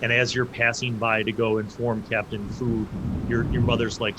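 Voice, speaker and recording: A man narrates a tabletop game as game master. He rambles, with many fillers and restarts, in a middle-pitched voice. Faint background noise sits under the recording. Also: little pitch movement, normal speed.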